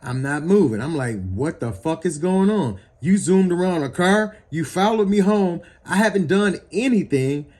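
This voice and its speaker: Man, slightly high-pitched, agitated, profane, outdoors. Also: animated, normal speed, few pauses, darkish tone. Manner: heated, profane, pointing things out as he talks. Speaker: person recounting a police encounter. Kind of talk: agitated first-person account. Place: outdoors in front of his house.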